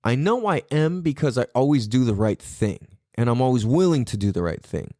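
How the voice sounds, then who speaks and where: A man's voice: medium pitch, brisk, no echo, clean studio sound. A middle-aged man hosting a podcast, telling stories in a casual, profane way and acting out the things he said. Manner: profane, animated storytelling, acts out his own quotes. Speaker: podcast host.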